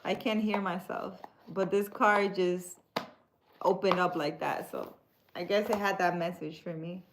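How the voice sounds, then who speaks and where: A woman spiritual reader chatting casually on a live stream, soft-spoken and hesitant as she answers comments. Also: fairly low pitch, fairly even intonation, measured pace, noisy background.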